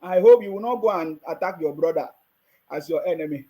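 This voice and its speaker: A man's voice: on the high side, lively intonation, fairly quick, dark tone, low-quality recording. A man with a Nigerian accent giving mocking, casual live-stream commentary and laughing often.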